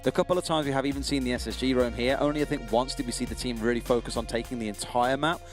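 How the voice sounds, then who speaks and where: A man with a British accent casting an esports match, joking and chatty in quick banter. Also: medium pitch, steady tone, faint music behind. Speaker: esports caster. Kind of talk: casual play-by-play commentary.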